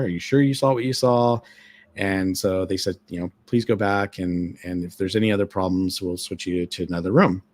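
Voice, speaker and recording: A man with a fairly low voice tells a ghost story in a casual live chat. He rambles, stacks up fillers, and acts out everyone he quotes in short bursts. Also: a little mellow. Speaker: guest storyteller, former ship employee.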